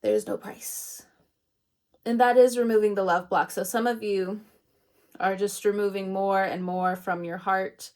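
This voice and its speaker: A woman's voice: medium pitch, fairly even intonation, measured pace, darkish tone. Chatty woman giving a casual tarot reading. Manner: chatty, meandering, laughs at herself, swears casually. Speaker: tarot reader.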